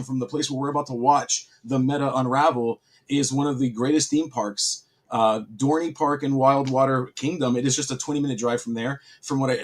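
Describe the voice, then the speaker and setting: Husky-voiced man, playful stream caster. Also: mid-range voice. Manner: playful, animated storyteller. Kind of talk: casual chat.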